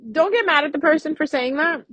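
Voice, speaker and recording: A woman's voice: sits high, brisk, fairly bright tone, no room sound, poor audio. A woman giving a casual, frank astrology reading as a vlogger, chatty and freely swearing.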